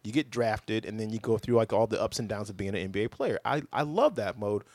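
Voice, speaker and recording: A man's voice: lowish voice, expressive, brisk, a little mellow, no room sound. A man hosting a podcast, chatting casually and laid-back, swearing often and teasing his co-hosts. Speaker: podcast host.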